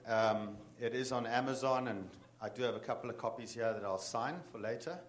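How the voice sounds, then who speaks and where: A man speaking to a live audience in a voice of middling pitch, storytelling with dramatic swells of emphasis. He guides listeners through his tale the way a bird guide and author would. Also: fairly quick. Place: talk in front of an audience.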